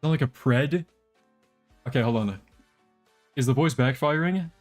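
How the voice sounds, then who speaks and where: A young man live-streams a game, talking casually and jokingly to his viewers in a rambling way as he plays. He speaks at a measured pace and medium pitch, over faint background music.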